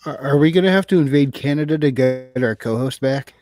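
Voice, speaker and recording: A man's voice: mid-range voice, a little mellow. A man, a regular on the show, chatting casually and laughing easily. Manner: easygoing, quick to laugh. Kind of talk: casual group chat.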